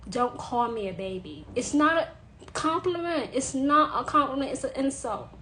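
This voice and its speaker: A woman with a high voice speaks insistently, driving each point home by saying it again and again. Her emphatic monologue comes over a faint hiss of background noise. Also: animated, moderate pace, pushed and bright, rough recording. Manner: insistent, repeating phrases for emphasis. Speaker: witch sharing advice.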